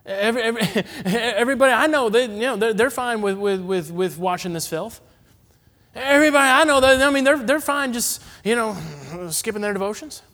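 A man from Massachusetts preaching an emphatic sermon in a church, swinging between loud declarations and quiet asides. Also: extremely high pitch, a little fast. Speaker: evangelist preacher. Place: church sanctuary. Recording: long reverb of a church hall.

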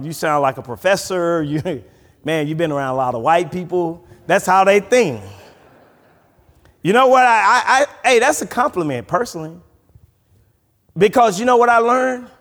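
A man preaching a sermon as pastor, animated, often restarting his sentences. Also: sits high. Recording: long reverb from a large hall.

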